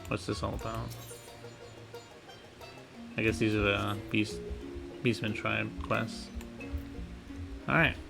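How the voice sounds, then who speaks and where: A man's voice: lowish voice, little pitch movement, takes it slowly, creaky, pauses often, over music. A man casually thinking aloud while playing a video game. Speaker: gamer. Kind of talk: casual gameplay commentary.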